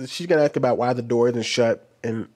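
A man talks loosely over a clip he is reacting to, mid-pitched for a man, rambling and restarting his sentences. He sits close to a desk microphone, and his delivery is that of casual commentary. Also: darkish tone, breathy edge. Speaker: reaction video host.

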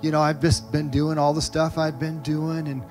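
Middle-aged male pastor, high voice, animated storyteller, faint music behind. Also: normal speed. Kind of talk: sermon. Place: church sanctuary.

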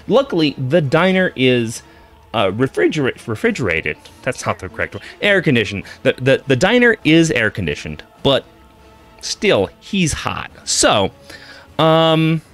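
A man spins a long, meandering joke, stumbling over his words and breaking off to restart. His pitch swings widely as he goes, and faint music sits behind him. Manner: digressive, stammering, self-interrupting. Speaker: comedian telling a shaggy-dog joke. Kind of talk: rambling comic storytelling.

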